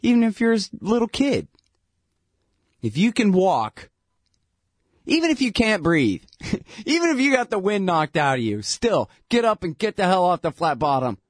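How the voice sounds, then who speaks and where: A man with a fairly high voice rants in a loose, sarcastic way. He laughs between his points and mocks others in a whiny put-on voice. The sound is dry and close. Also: sing-song, normal speed, long pauses, no echo. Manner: mocking, breaks into whiny falsetto impressions. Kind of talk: casual sarcastic rant.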